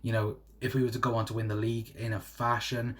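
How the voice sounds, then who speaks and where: A man's voice: mid-range voice, flat delivery, quick pace. A young man hosting a fan livestream, chatting casually with lots of fillers and calling viewers guys. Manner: rambling, many fillers, addresses viewers as guys. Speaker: fan channel host.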